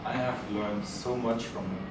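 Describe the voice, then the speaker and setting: A man hosting a live event, speaking to the audience in a halting way with many fillers. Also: medium pitch, fairly even intonation. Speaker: event host. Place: event hall. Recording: very echoey hall, mic far off, noisy.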